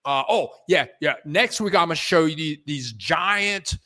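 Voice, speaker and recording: Guy rambling slow on a home livestream, kinda high voice, keeps restarting, thanks everyone. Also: lively intonation, sharp tone. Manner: halting and repetitive, restarting sentences, grateful and chatty. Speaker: livestream host reading viewer donations. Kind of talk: casual rambling livestream chat. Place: at home at his computer.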